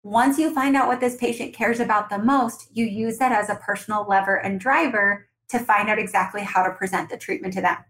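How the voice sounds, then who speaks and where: A woman's voice: medium pitch, a little fast, few pauses, rough recording. A woman guest on an interview podcast, energetically coaching dental teams and acting out conversations with patients. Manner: energetic, acts out dialogues with patients. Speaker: guest, dental practice consultant.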